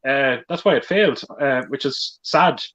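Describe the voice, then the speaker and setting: A man's voice: medium pitch, animated, moderate pace, a bit bright, a little hiss or hum. Man hosting a lo-fi live stream. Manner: hesitant, many fillers, friendly. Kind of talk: casual live stream chat, reading viewer comments.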